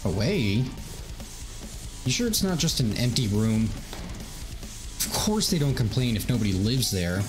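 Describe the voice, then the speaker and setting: A man voicing a grumpy young male neighbor who plays loud music, talking gruff and dismissive. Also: mid-range voice, sing-song, unhurried, long pauses.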